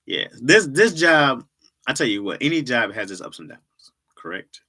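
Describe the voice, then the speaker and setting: A middle-aged livestream host rambles through a loose, stand-up style chat, circling back to the same lines, laughing easily and reacting to chat comments. His bright, sharp voice has a lively, bouncing pitch, a moderate pace, and a breathy edge.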